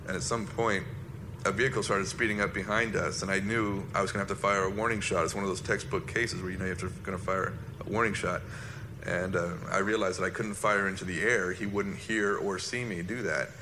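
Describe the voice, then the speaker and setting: A man, a former soldier recounting an incident in a halting, reflective personal monologue. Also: deep voice, steady tone, noisy background.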